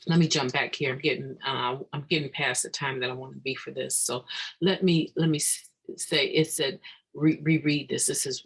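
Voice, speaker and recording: This earnest, reflective daily meditation talk comes from a recovery meeting speaker whose mid-range voice has vocal fry and a fairly bright, slightly rough tone. They halt, restart mid-thought and burst out emphatically. The audio is poor.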